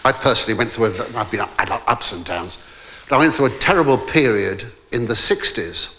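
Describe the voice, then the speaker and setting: A man's voice: mid-range voice, animated, brisk, sharp tone. An older man telling a rambling comic story on stage in a debating hall, stammering with false starts and theatrical asides. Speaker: stand-up comedian.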